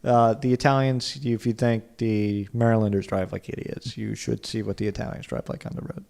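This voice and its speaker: A man's voice: on the low side, little pitch movement, a little fast, gravelly, a little mellow. Rambling guy on a car podcast. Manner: rambling, lots of "like", puts on silly accents. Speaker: podcast co-host. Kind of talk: casual chat.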